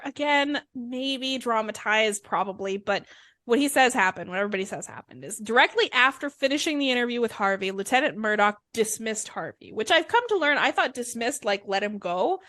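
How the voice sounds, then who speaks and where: A woman's voice: a little high, animated, a little fast, sharp tone, dry recording. A woman podcast host telling a crime story in a chatty, irreverent way, swearing freely. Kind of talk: casual comedic storytelling.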